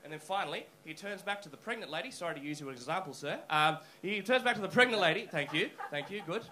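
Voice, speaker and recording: A male stand-up comedian telling a story on a comedy club stage, animated and swearing freely, into a handheld mic. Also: high voice, fast talker, slight background noise, poor audio.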